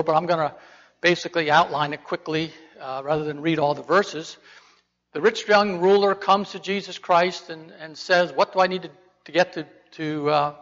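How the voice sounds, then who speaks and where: In a dull, echoing hall recording, a man with a slightly high, a bit bright voice gives a conversational Bible lesson. As a preacher, he keeps posing rhetorical questions to those listening.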